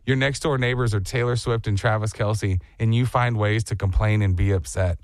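A man's voice: on the low side, steady tone, normal speed, no room sound. A man hosting a comedy talk show, riffing animatedly and slipping into silly put-on voices. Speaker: radio show host. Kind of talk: comedic radio banter.

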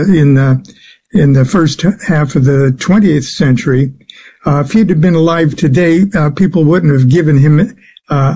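A man answering interview questions as a guest, speaking haltingly with many filler sounds. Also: on the high side, darkish tone. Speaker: guest expert on the occult.

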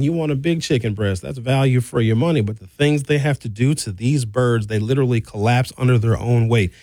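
A man, hosting a talk show and delivering an opinionated, animated monologue with blunt, sarcastic asides. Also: medium pitch, dry recording, clean studio sound. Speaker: radio talk show host.

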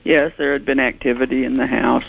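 A woman's voice: extremely low pitch, level tone, a little fast, creaky, breathy edge, no room sound. A woman investigating hauntings, a guest on a radio show, earnestly explaining her evidence. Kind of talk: radio interview. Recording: tinny phone line.

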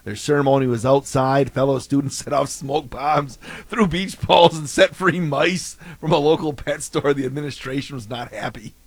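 A man hosts a morning radio show in loose, joking banter. His voice sits at an everyday middle pitch. It is close-miked and very dry. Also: moderate pace, few pauses, husky, no echo. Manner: joking, chatty, rambling.

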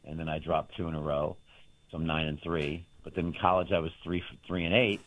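A man's voice: low voice, little pitch movement, a little fast. A man, a sports betting handicapper, telling a rambling, boastful story about his bets in casual chat on a show. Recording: dry, tinny phone line.

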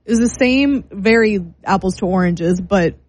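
A woman's voice: medium pitch, a little slow. A woman co-hosting a casual sports chat, laying out her reasoning step by step with light laughs. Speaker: sports podcast co-host.

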